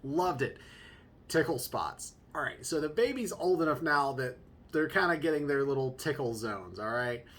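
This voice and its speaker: A young man hosting a casual podcast as a new father, telling stories in a joking, chatty way with quick asides. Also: a little high, animated, a bit bright. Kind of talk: casual storytelling monologue.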